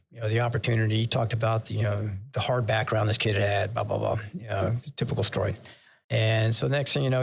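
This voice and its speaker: A man's voice: fairly low pitch, vocal fry. An older man, a retired admiral, telling candid stories in an interview and growing emotional as he recalls his sailors. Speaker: retired vice admiral, podcast guest. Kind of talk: conversational interview storytelling.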